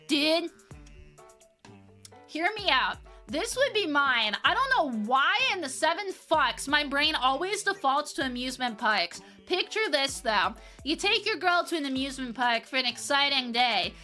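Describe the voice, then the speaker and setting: Bright, high-voiced woman streamer. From Upper Peninsula of Michigan, US. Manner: animated, swearing, reads chat aloud and answers it. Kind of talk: casual livestream chat with viewers.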